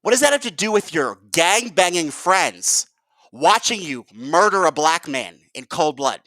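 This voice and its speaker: A man's voice: on the high side, sing-song, a little slow, sharp tone, dry recording. A man ranting in a heated, profane vlog commentary and calling his viewers "guys". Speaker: video commentator.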